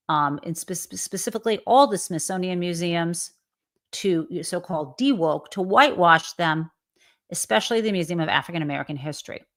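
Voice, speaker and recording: Slow, emphatic indignant woman host. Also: fairly low pitch, a bit bright. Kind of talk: live commentary show.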